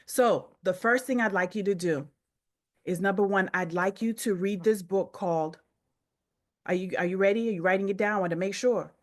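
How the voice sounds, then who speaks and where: A woman's voice: medium pitch, normal speed. A woman leads a motivational coaching session over a group call. She drives her points home through repetition and direct appeals to her listeners, with a voice in the middle of the usual range. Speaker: business coach.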